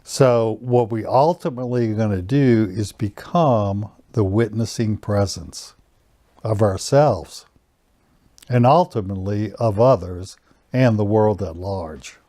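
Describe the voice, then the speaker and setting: A man teaching a personal growth lesson, giving slow, calm guiding instructions and leading breathing exercises. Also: on the low side, dry recording.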